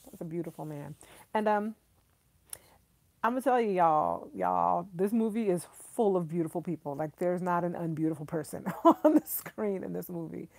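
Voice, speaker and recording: A woman's voice: on the low side, normal speed, vocal fry, a little mellow, no echo. A woman hosting a casual live stream, chatting effusively, laughing often and reading out viewer comments.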